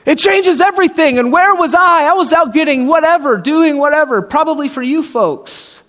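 A man's voice: very high-pitched, expressive, moderate pace, fairly bright tone. A man preaching a sermon in a conversational way, asking rhetorical questions and acting out the people in his story. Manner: conversational, acts out quoted voices, rhetorical questions. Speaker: pastor. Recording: hall reverb.

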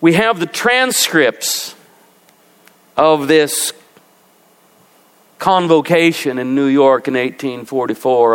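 A man preaching a sermon as pastor, animated and rising to emphatic peaks. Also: mid-range voice. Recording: long reverb of a large hall.

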